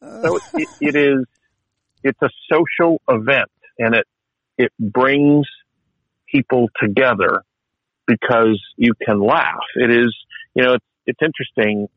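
A man's voice: medium pitch, unhurried, dry recording, muffled recording. A man telling stories in a casual chat, wry and chatty, with many restarts and fillers.

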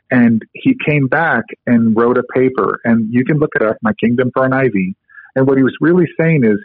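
A man's voice: medium pitch, slightly rough, no room sound. A man guest on a podcast interview, casually explaining a medical technique with frequent fillers. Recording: tinny phone-line audio, dry.

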